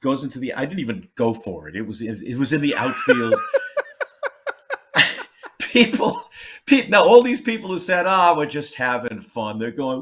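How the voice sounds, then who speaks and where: Animated storytelling comedian. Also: male voice, moderate pace, background noise. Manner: animated, acts out quotes with big jumps in pitch. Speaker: comedian guest. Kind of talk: casual storytelling chat.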